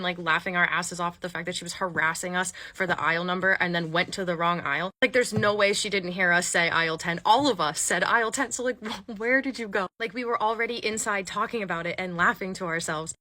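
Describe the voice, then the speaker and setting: Bright, chatty woman telling a story. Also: medium pitch. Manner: animated, chatty, laughing often. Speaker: comedy storyteller, former cashier. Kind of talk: comedic storytime skit.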